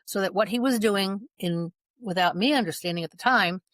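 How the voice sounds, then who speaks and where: A woman's voice: mid-range voice, moderate pace, a bit bright, no echo. A middle-aged woman, a mother and guest, giving an earnest personal account in conversation and acting out past dialogue as she goes. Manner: earnest, reenacts dialogue in her retelling.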